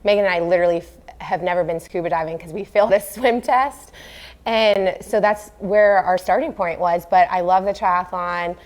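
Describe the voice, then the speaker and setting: A woman in her thirties who was a professional triathlete, talking as an interview guest in an earnest, animated way with many fillers. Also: fairly low pitch, moderate pace. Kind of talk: casual interview talk.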